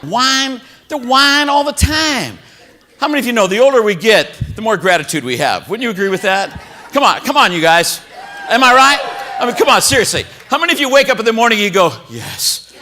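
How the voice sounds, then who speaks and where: Man, motivational keynote speaker, higher voice, bright and forceful, big swings in pitch, crowd-engaging. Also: brisk, a little hiss or hum. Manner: animated, exclaiming, asks the crowd questions. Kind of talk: keynote speech to a live audience. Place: hotel event hall.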